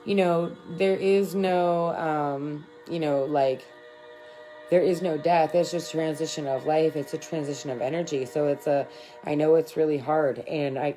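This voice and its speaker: A woman with a low voice chats through a tarot livestream in a loose, rambling way. She swears freely and keeps it affectionate and spiritual. Soft music plays faintly behind her. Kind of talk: casual spiritual livestream talk.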